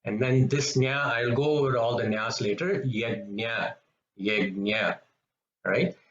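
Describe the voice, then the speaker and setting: A man teaching pronunciation in a patient lesson, slowly repeating each example sound. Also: medium pitch. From Tamil-speaking background, South India. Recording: echoey, slightly dull room recording.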